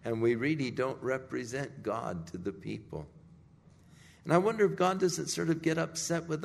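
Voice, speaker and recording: A man preaching a sermon, telling the scripture story in a deliberate, emphatic way. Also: mid-range voice, expressive, gravelly. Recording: echoey hall.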